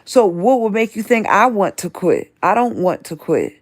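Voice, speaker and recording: A woman's voice: mid-range voice, sing-song, moderate pace. A woman, hosting a livestream and ranting confrontationally at people she names, repeating herself as she reads the chat. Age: 50s. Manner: confrontational, repetitive, addresses people directly. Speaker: livestream host. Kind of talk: livestream rant reading chat.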